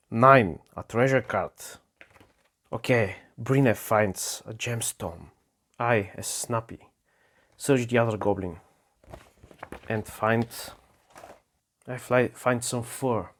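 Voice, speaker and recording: A man narrates his solo tabletop game slowly and carefully, pausing and restarting as he describes rolls and attacks. His voice sits at a middle pitch. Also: fairly bright tone. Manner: unhurried, halting narration.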